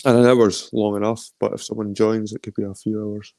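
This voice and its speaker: A middle-aged man with an Edinburgh Scottish accent rambles through a casual phone live stream, swearing freely and greeting viewers as they join. His voice sits fairly low, and the sound is dry and close with almost no room in it. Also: flat delivery, a little fast, gravelly, a little mellow, no echo. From Scotland. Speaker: livestream host.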